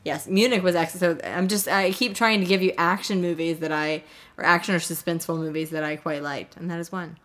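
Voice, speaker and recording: A woman's voice: on the low side, fairly even intonation, fairly quick, fairly bright tone. A woman co-hosting a casual movie chat, talking in a loose, chatty way with restarts. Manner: chatty, trails off and restarts, laughs easily. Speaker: podcast co-host.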